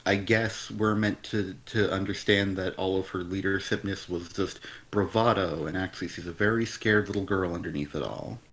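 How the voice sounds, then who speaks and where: Blunt, exasperated low-voiced man. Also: steady tone, moderate pace, hardly any pauses, fairly bright tone. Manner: blunt, exasperated ranting with profanity. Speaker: comic review stream co-host. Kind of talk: casual critical chat.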